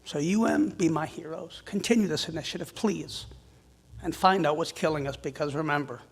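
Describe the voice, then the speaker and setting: A man's voice: on the high side, moderate pace, slightly rough. Passionate firefighter man giving a speech. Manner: heartfelt, raw, swings from quiet to loud. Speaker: firefighter union president. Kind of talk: emotional conference speech. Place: conference stage.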